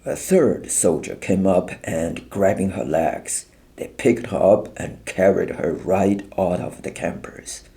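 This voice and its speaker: A man narrating an audiobook in a measured, grave storytelling manner. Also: low voice, gravelly, mellow.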